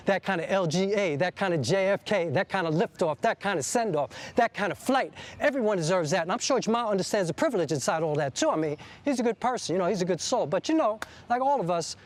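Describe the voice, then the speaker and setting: A man's voice: high voice, expressive, fast talker, few pauses. A man performing a rhythmic, poetic spoken-word monologue. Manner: rhythmic, poetic street-inflected delivery. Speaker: writer-performer.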